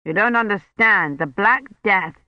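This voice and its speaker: A man's voice: high voice, unhurried, dry recording, highs cut off. A man reading an audiobook, voicing a stern, protective older male scholar who gives firm, clipped commands.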